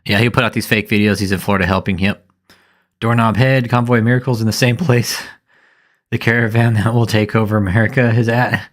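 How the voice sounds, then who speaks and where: A man's voice: on the low side, fairly even intonation, fairly quick. A man giving live reaction commentary in an angry, profane rant.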